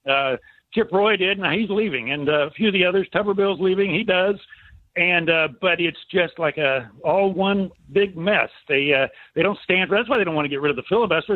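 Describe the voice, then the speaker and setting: An exasperated man talks over a tinny phone line, his voice high and husky. He circles back over the same complaints in a casual call-in chat, the sound dry and close. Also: no echo.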